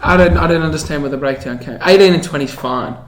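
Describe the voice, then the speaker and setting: A man in his twenties hosting a casual chat, bantering, swearing and laughing loudly. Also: fairly high pitch, fast talker, echoey room. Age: 20s. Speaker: podcast host.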